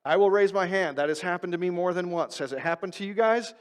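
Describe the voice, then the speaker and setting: Male pastor, high voice, chatty sermon with questions to the crowd, long church reverb. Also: quick pace, clear, resonant tone. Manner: conversational, asks the congregation questions, acts out quoted voices. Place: church sanctuary.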